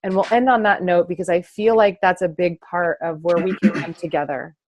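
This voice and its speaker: A woman hosting a casual conversation, expressive and animated, acting out her own past thoughts with laughter. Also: on the low side, fairly quick, no echo. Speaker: host, naturopath.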